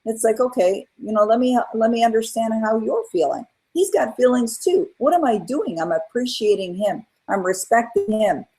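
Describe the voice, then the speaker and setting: A middle-aged woman as an interview guest, telling her own story in an earnest, animated way and acting out what people said. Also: on the high side, moderate pace, few pauses, husky, poor audio. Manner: earnest, animated retelling with acted-out quotes. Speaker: guest, author and coach.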